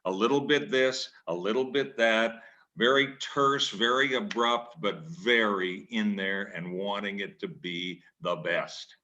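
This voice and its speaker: Older man telling a lively anecdote. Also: fairly low pitch, measured pace, highs cut off. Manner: lively, self-deprecating storyteller who acts out scenes. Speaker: guest speaker, former newspaper columnist. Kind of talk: anecdotal storytelling talk.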